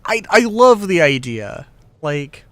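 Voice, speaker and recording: A man's voice: a little high, big pitch swings, takes it slowly, no echo. A man hosting a casual gaming livestream, ranting profanely and animatedly into a close mic. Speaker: livestream host. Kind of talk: casual gaming stream talk.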